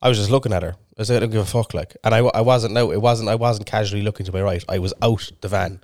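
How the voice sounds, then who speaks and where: A man's voice: on the low side, fast, darkish tone, no echo. A man, co-hosting a podcast and telling a long sweary story in casual chat. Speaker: podcast co-host.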